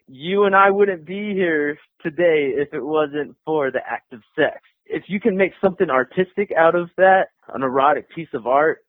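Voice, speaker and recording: A man's voice: fairly high pitch, no room sound. Man in his thirties on a tinny line. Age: 30s. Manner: loose, rambling, filler-heavy. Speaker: interview guest, artist. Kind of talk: casual chat. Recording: tinny phone-like line, dry.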